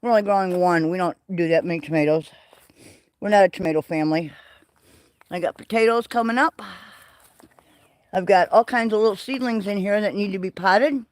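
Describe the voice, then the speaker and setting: A man hosting a livestream, walking through his greenhouse and garden and chatting in an excitable, rambling way. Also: high voice, a little fast, long pauses, no room sound, clean studio sound. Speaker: livestream host. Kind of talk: casual walking garden tour. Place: greenhouse and garden, partly outdoors.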